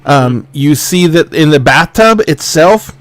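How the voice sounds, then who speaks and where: A man acting as game master describes the scene in a loose, halting way, full of small fillers. His voice sits a little high for a man. The sound is close and dry, with no room around it. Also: lively intonation, no echo.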